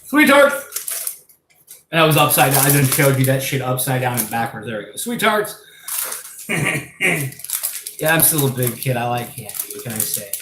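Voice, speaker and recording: A man hosting a casual live stream, rambling and excitable, laughing and swearing as he talks. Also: mid-range voice, fast talker, few pauses, noisy background. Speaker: live-stream host showing his pet invertebrates. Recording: echoey room with faint ambience.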